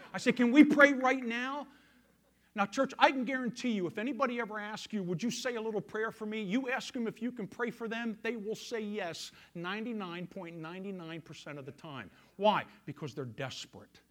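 A male pastor preaching a sermon, telling a story and swinging from loud emphasis to hushed quiet. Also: sits high, lively intonation, fairly quick, hardly any pauses.

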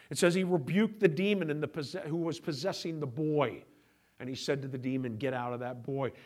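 A middle-aged male pastor preaches a sermon conversationally, shifting between quiet asides and raised, emphatic points. His voice sits on the high side.

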